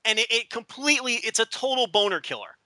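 Man, high voice, very bright tone, dry close mic, rambling podcast chat with stammers. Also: big pitch swings, fast talker, no room sound. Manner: rambling, stammering restarts, mock British voices in quotes. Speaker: podcast co-host.

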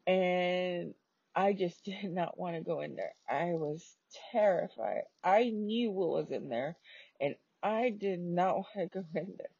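A woman tells her own story at an unhurried pace, in a dark, gravelly voice with a husky edge. Her talk is casual and peppered with swearing and fillers. The recording sounds dull and lo-fi. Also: lowish voice, dry recording. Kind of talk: casual personal story telling.

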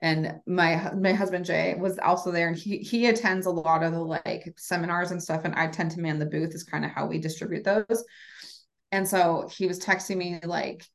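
A woman in her thirties, a podcast guest telling a story in a casual, animated way, full of fillers, who acts out the voices she quotes. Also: on the low side, moderate pace, creaky. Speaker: podcast guest, lingerie brand founder.

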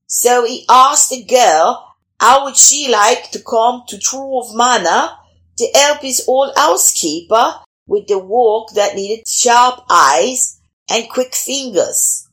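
A woman reading a picture book aloud, slow and unhurried, with a lively voice that rises and falls through every sentence. Her tone sits a little high and stays animated and expressive throughout. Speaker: storyteller. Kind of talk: storybook read-aloud.

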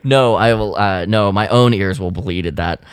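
Brief: low, smooth male co-host, casual rambling recap, dry close mic. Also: normal speed, no room sound. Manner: rambling, self-deprecating, many fillers. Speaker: podcast co-host. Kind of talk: casual chat, recapping an episode.

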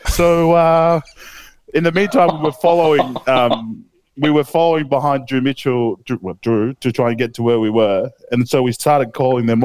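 A man's voice: mid-range voice, moderate pace, a little mellow, smooth, dry recording. A young Australian man casually telling a long story on a podcast, swearing a lot and using many fillers. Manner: laid-back storytelling, heavy swearing, lots of fillers. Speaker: podcast co-host. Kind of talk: casual chat.

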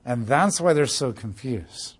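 A man's voice: medium pitch, expressive, unhurried, slightly rough. A man teaching a casual Bible study, explaining passages conversationally with asides and frequent "like".

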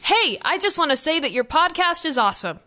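A woman's voice: high voice, sing-song, a little fast, pushed and bright. A woman co-hosting a podcast in casual chat, playful and teasing. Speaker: podcast co-host.

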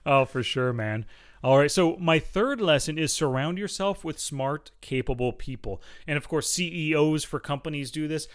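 A man co-hosting a casual podcast, telling stories in an easygoing, steady way with fillers. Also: on the high side, moderate pace. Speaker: podcast co-host. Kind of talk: casual chat.

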